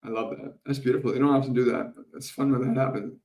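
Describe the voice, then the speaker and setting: A man working as a spiritual medium on a live Q&A stream, answering viewers and leading a guided breathing meditation in a calm, slow, repetitive way with soft laughs. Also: mid-range voice. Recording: roomy sound, distant from the mic.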